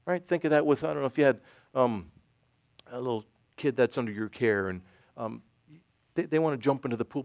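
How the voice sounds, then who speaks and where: A middle-aged man leads an informal church teaching and takes questions from the room. He talks in a halting, self-deprecating way and often restarts his sentences. His voice sounds close and dry, with no room echo. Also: fairly high pitch, lively intonation, darkish tone. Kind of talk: informal sermon with Q&A.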